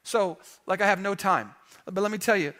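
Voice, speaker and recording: A man preaching a sermon in a church, energetic and conversational, with emphatic bursts. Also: high-pitched, moderate pace. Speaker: pastor. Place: church sanctuary.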